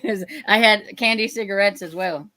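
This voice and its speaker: A woman's voice: mid-range voice, moderate pace, bright, forceful tone. A woman co-hosting a casual book livestream, reading viewer comments aloud and laughing often.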